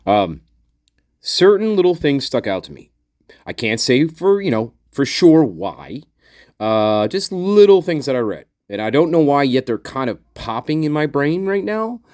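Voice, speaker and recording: Brief: male channel host, mid-pitched, dry close sound, casual repetitive rambling commentary. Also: sing-song, a little slow, a little mellow, dry recording. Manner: rambling, repeats himself, effusive toward viewers.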